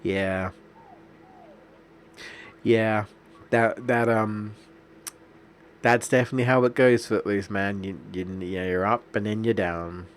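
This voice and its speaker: Young guy streaming a game, lowish voice, chatty and meandering, lots of ums. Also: steady tone, takes it slowly, pauses often, slight background noise. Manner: rambling, anecdotal, many restarts and fillers. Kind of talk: casual gameplay commentary.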